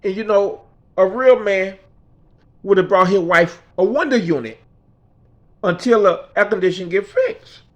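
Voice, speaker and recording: A man's voice: high-pitched, unhurried, long pauses. A man telling a personal story in a conversational, repetitive way, often checking in with the listener. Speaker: speaker.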